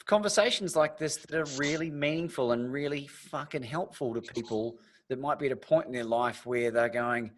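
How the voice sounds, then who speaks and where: Chatty host, middle pitch. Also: male voice, a little fast, few pauses. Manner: chatty storyteller, restarts often. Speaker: podcast host. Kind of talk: casual interview chat.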